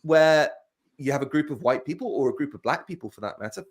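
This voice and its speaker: A man talking in a casual conversation, laying out his argument in a measured way. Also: a little high, animated. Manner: measured, reasoning aloud.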